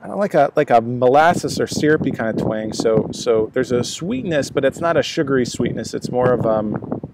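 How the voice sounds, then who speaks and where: Man, mid-range voice, chatty rambling reviewer, halting delivery. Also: medium pitch, animated, heavy background noise. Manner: rambling, many fillers and restarts. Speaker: cigar reviewer. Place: outdoors at a laptop, breezy day.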